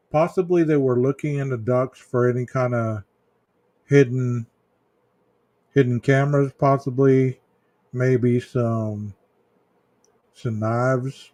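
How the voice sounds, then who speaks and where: A man's voice: mid-range voice, darkish tone, no echo. A man hosting a true-crime livestream, chatting casually with viewers in chat, rambling with fillers and restarts.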